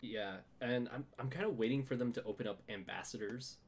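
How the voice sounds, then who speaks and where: A man hosting a casual podcast, animated and laughing a lot, often restarting words and saying "like". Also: medium pitch, fairly quick, husky. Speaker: podcast host. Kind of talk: casual chat.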